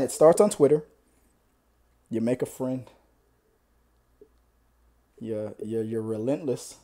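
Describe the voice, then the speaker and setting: A man's voice: medium pitch, takes it slowly, long pauses. A man hosting a show, ranting comically and acting out the voices he quotes. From Texas. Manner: animated, acts out quoted voices, laughs often. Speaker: podcast host. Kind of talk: comedic rant.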